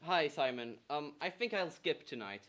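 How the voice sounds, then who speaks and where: A man's voice: on the high side, lively intonation, moderate pace, a bit bright, slight background noise. A young man acting a doting new father in a stage radio play, earnest and sentimental. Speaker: actor in a youth theatre radio play.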